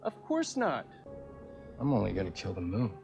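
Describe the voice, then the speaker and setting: An actor playing a scheming, ruthless military commander in a TV series, speaking in a slow, hammy, menacing way. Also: male voice, on the low side, huge pitch swings, gravelly, darkish tone, highs cut off, soft background music, heavily acted.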